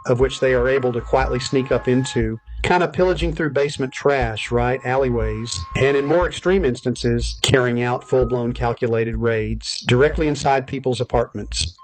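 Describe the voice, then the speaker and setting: A man's voice: mid-range voice, a little hiss or hum, low-quality recording. A man telling a creepy story in a conversational way, often checking in with "right?". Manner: conversational, keeps adding "right?". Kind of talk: conspiracy storytelling.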